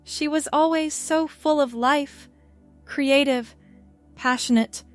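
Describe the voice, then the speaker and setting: A woman voicing a gentle, wistful older aunt who lost her daughter, speaking softly and hopefully in a recorded story reading. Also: sits high, steady tone, takes it slowly, soft background music, voice pushed up. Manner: soft, hopeful, breaking with emotion.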